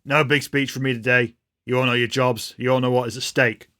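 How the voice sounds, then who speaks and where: A man's voice: medium pitch, flat delivery, a little fast, pushed and bright, lightly acted. A man voicing a laid-back male leader addressing a crowd before battle, offhand and dry.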